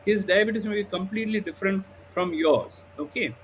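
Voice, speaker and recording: A man's voice: sits high, a little fast, a little hiss or hum, low-quality recording. A man, a diabetes doctor, telling a story animatedly in a live discussion, often adding 'okay?' and 'you know'.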